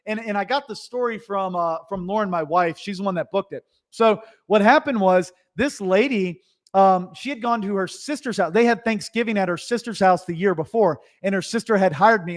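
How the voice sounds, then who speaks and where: A man who runs a Christmas lighting business, telling stories to viewers in an animated, chatty way. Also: high-pitched. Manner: animated, chatty, with restarts and asides. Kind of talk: casual storytelling to viewers.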